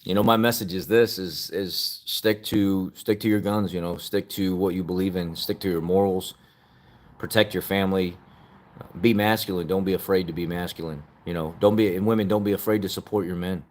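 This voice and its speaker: Earnest low-voiced man urging listeners on. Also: steady tone, a little fast. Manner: earnest, repetitive motivational urging; openly emotional, laughs at himself. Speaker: podcast host. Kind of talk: casual opinion talk.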